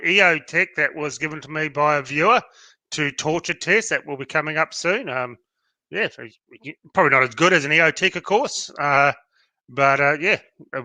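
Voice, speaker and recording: A man's voice: fairly high pitch, normal speed, pushed and bright, no room sound. An Australian man co-hosting a podcast, chatting casually and reading out viewer comments with plenty of fillers. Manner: laid-back, lots of fillers, reads viewer comments aloud. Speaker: podcast co-host. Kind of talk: casual chat.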